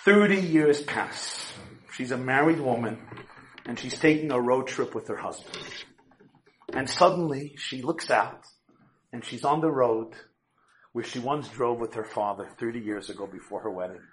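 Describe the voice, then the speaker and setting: A man's voice: medium pitch, normal speed, a little hiss or hum. A man telling a story to a live audience, acting out the people in it and joking with the listeners. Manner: animated storyteller, acts out quoted voices, jokes with the crowd. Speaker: speaker giving a talk.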